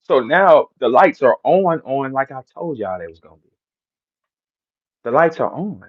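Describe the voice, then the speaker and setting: This man's mid-range voice swings widely in pitch while he keeps a measured pace, heard through lo-fi sound. He's a St. Louis battle rapper with the local accent, hosting a live audio room and ranting brashly and repetitively with boasts and trash talk.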